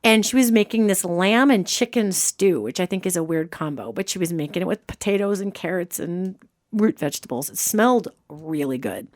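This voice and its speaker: A woman hosting a podcast as a medium, an animated storyteller who acts out quotes in casual chat. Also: fairly low pitch, normal speed. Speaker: host and medium.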